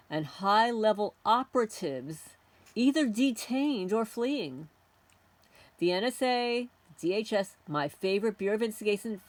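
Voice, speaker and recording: A woman's voice: medium pitch, dry recording. Indignant middle-aged woman ranting, dry sound. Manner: indignant, confrontational, repeatedly addressing unseen tormentors. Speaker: homesteading channel host. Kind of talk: ranting monologue to camera.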